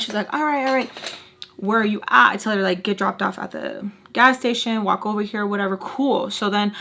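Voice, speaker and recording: A young woman vlogger telling a personal storytime, frank and animated, acting out the people she quotes. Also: medium pitch, fairly quick, gravelly, a little hiss or hum. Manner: animated, acts out quoted voices, frank and salty. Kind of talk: casual storytelling.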